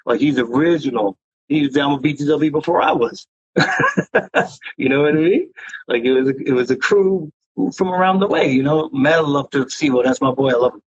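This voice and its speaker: Profane rambling New man, husky voice. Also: on the high side, fairly quick, no echo. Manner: profane, rambling, animated storyteller. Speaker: interview guest, graffiti writer. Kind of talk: casual storytelling interview. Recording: dry, dull lo-fi sound.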